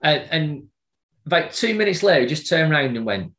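A middle-aged man telling a personal story in casual conversation, halting and repeating words as he remembers. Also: a little high, lively intonation, a bit bright, roomy sound. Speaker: guest.

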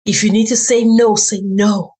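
A middle-aged woman hosting a motivational podcast, animated and preachy, often calling out to her listeners. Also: medium pitch, moderate pace, breathy edge, rough recording. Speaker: podcast host.

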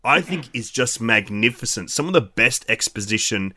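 A man's voice: mid-range voice, lively intonation, moderate pace, sharp tone, slightly rough, no echo, clean studio sound. An Australian man co-hosting a podcast, chatting about a film with enthusiasm, swearing casually and cracking bawdy jokes. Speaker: podcast co-host.

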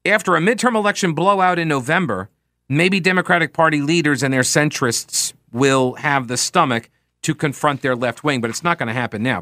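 A man's voice: medium pitch, bright, forceful tone, no echo, clean studio sound. Sarcastic male talk radio host. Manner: sarcastic, full of rhetorical questions. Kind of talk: opinionated political commentary.

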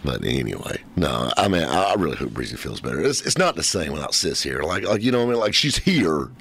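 A man's voice: a bass voice, very animated, fast, a bit bright, husky. A man hosting a casual talk show, rambling and joking with lots of fillers. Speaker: podcast host. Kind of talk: casual chat.

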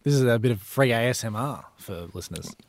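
A man's voice: mid-range voice, expressive, fast talker, dry recording. Young Australian man, rambling radio chat. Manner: rambling, storytelling with lots of fillers. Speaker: radio breakfast show co-host. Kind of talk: casual chat. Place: radio studio.

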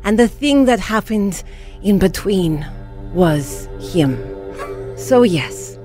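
A radio co-host voicing a young healed woman of faith with a put-on Middle Eastern accent and rolled R's, solemn and slow. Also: medium pitch, lively intonation, warm tone, faint music behind. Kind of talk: radio show acting challenge.

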